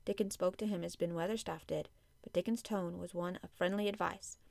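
A woman narrating a classic story in a steady, measured audiobook reading. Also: lowish voice, creaky, dry recording. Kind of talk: scripted narration.

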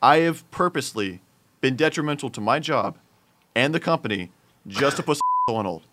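A young man casually telling a story from his fast food job to friends, getting animated and loud at the peaks. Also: medium pitch. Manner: animated, builds up to loud exclamations. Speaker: storyteller in a group chat.

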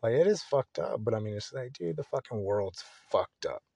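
A man's voice: medium pitch, lively intonation, normal speed, vocal fry, warm tone, slightly rough. A young man talking on his own podcast in a loose, rambling way, full of swearing and restarts. His voice sits in a middle register. The sound is dry and close, with no room echo. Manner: rambling, profane, candid. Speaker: podcast host. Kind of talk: casual solo podcast monologue.

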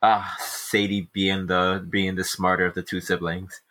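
A man co-hosting a casual book-club podcast, animatedly retelling chapters with quick restarts. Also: low-pitched, level tone, pushed and bright. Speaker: podcast co-host.

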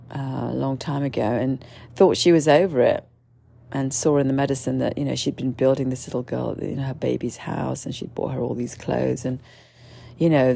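A woman's voice: gravelly, dark tone, husky. A woman telling a personal story in a candid, meandering way, full of fillers and restarts. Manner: mimics others with sudden shrill outbursts. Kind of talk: casual storytelling monologue.

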